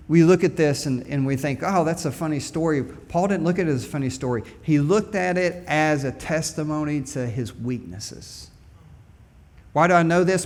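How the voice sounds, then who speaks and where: A male pastor preaching an animated, conversational sermon with call-and-response to his church. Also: a little high. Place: church sanctuary.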